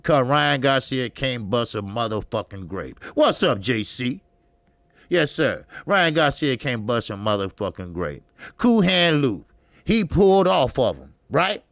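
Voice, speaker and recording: A man hosting a live boxing talk stream, loud and profane, laughing often and calling out greetings to chatters. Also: medium pitch, sing-song, unhurried, no room sound. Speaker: boxing talk show host.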